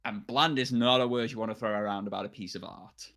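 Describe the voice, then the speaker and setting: Blunt British man, bright forceful voice. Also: on the low side, fairly even intonation, quick pace, soft background music. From United Kingdom. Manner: blunt, outspoken critic. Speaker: co-host. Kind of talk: casual game-reaction chat.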